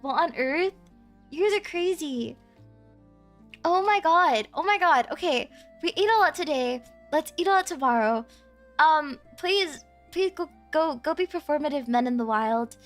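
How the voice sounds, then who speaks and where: A woman's voice: high-pitched, animated, measured pace, a bit bright, faint music behind. A woman streamer chatting casually with her viewers, playful and teasing, often giggling.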